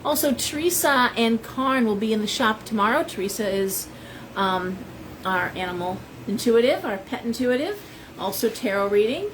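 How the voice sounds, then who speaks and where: A woman's voice: a little high, animated, moderate pace, background noise. A middle-aged woman, a shop owner, chatting casually on a live stream and greeting viewers by name. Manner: chatty, rambling, reads out viewer names.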